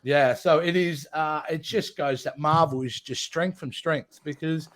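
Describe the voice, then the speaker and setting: A man's voice: a little high, unhurried. Upbeat Australian man hosting. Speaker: host. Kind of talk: casual panel chat.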